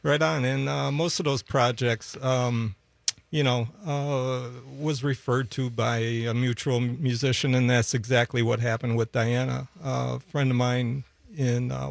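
Gravelly chatty man telling stories. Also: mid-range voice, no echo. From Milwaukee, USA. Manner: chatty storyteller, laughs often, many fillers. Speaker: bass player guest. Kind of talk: casual radio interview chat. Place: radio studio. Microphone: studio microphone.

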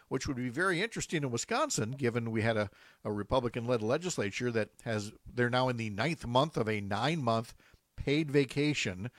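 Relaxed guy hosting a politics show, wry jokes, mid voice, dry close sound. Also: mid-range voice, normal speed, no room sound. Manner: easygoing, laughs often, wry. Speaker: talk show host. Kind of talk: casual political chat.

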